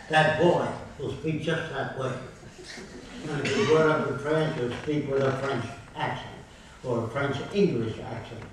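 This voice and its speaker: A man's voice: mid-range voice, a little hiss or hum. Older man lecturing in an echoey hall. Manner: emphatic, declarative lecturing with lists. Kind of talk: public lecture. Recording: very echoey hall, recorded from far off.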